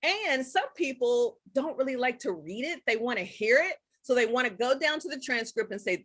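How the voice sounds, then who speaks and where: A woman hosting a casual live-stream tutorial, chatty and excitable, talking straight to her viewers. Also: sits high, moderate pace, hardly any pauses, slightly rough, no room sound. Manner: chatty and excitable, addresses viewers as guys and y'all. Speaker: live-stream host teaching Zoom tips.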